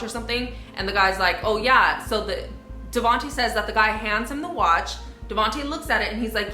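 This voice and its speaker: A woman's voice: a little high, a little fast, bright, forceful tone, reverberant, soft background music. A young woman vlogger telling a storytime vlog in an indignant, conversational way, with many fillers.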